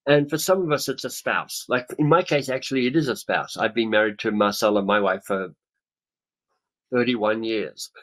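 Heard through a webcam on a video call with poor audio, this author and webinar speaker in his fifties has a lowish voice and a moderate pace. Leading a coaching webinar, he speaks with enthusiasm and mimics how other people react.

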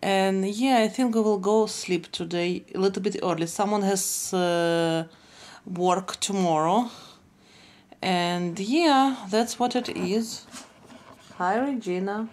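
Woman vlog host, medium pitch, casual chatty talk, slightly non-native phrasing. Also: slow, a little mellow. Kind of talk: casual family vlog chat.

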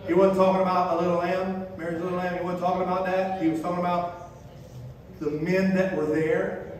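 A man's voice: high voice, little pitch movement, brisk. A man from Florida preaching a sermon in a church, telling stories with a conversational, humorous manner. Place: church sanctuary. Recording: echoey hall, voice far from mic, faint noise.

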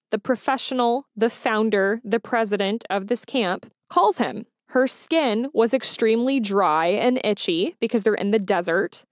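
A woman's voice: mid-range voice, dry recording, studio quality. A woman hosting a solo true-crime podcast, talking in a conversational, emotional and indignant way. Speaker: podcast host.

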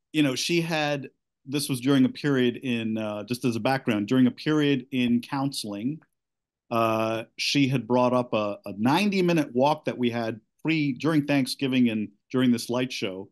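A middle-aged man seeking coaching, giving a candid, halting account of his marriage with many restarts. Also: mid-range voice.

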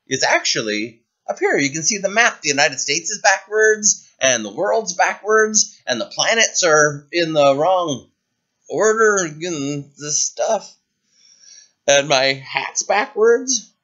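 A man teaching circle time to preschoolers over a computer camera, talking in a gentle, playful way to small children. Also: a little high, dull audio. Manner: gentle, playful, sing-song talk to small kids. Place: indoors, away from the classroom. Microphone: computer webcam.

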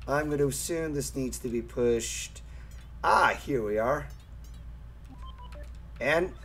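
Young man, gameplay streamer, lively swooping pitch, casual swearing, excitable whoops. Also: a little hiss or hum. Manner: excitable, swears often, squeals at thrills.

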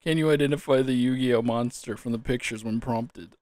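A man's voice: mid-range voice, brisk, darkish tone, no echo. A man commentating a quiz casually, giggling helplessly and fighting back tears of laughter. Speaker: gaming YouTuber.

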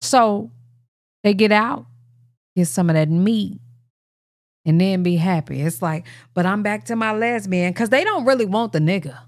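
A woman's voice: medium pitch, unhurried, no room sound, clean studio sound. A woman host giving blunt, slangy opinions while reacting to a story. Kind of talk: casual reaction commentary.

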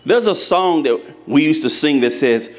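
Lively, higher-voiced male preacher. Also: moderate pace. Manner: lively preaching, addresses congregation directly; folksy storytelling with humor. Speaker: pastor. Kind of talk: sermon. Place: church before a live congregation.

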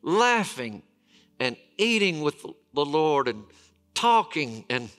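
Male pastor preaching; bright, slightly high, dramatic pauses. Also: very animated. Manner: storytelling preacher, dramatic pauses and emphatic repetition. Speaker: lead pastor. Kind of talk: sermon.

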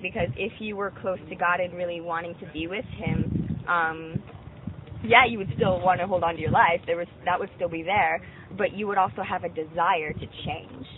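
A man's voice: high-pitched, steady tone, normal speed. A man leading a bible study, talking earnestly and reassuringly with many fillers. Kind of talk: earnest counseling talk. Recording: tinny phone-like audio with loud noise.

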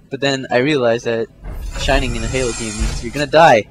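A young man doing let's play commentary, swearing a lot and swinging from low mutters to panicked yelps. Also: fairly even intonation, quick pace. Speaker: gameplay commentator. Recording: game music under the voice. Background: game music.

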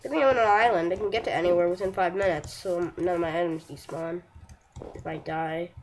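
A young woman chatting through her own gameplay, excitable and self-mocking, yelping and shouting at enemies between slow, rambling remarks. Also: lowish voice, noisy background. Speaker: gameplay streamer. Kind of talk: casual live commentary while playing a game.

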